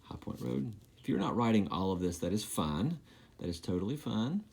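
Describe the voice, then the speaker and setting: A man's voice: fairly low pitch, expressive, moderate pace, gravelly, a little mellow. A man teaching a recorded math lesson, making joking, self-deprecating asides while he writes.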